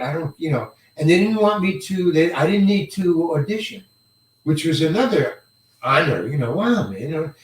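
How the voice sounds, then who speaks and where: An older male actor telling a career story in an interview, halting and rambling, often repeating words and chuckling. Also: on the high side, expressive. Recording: roomy echo, mic set far away.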